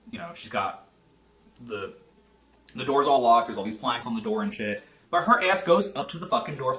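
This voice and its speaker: A man giving a casual, animated movie review, talking fast and swearing a lot. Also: mid-range voice. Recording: echoey room.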